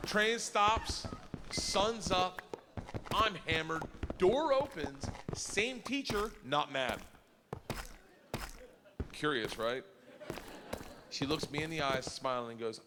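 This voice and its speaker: Animated man telling a stand-up story. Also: a little high, slow pace, long pauses, long reverb tail, background noise. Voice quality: animated, shouting punchlines. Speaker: stand-up comedian. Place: live comedy stage.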